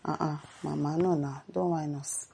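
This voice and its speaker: A woman's voice: sits low, fairly even intonation, moderate pace, gravelly, mellow, slightly rough. A Nigerian woman giving sarcastic, scolding commentary and reading viewer comments aloud. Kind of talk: casual reaction commentary.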